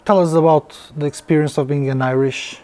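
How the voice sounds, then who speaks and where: A man's voice: on the high side, steady tone, a little fast, dark tone. A man in the interviewer's seat who asks short questions. His phrasing is a little clumsy.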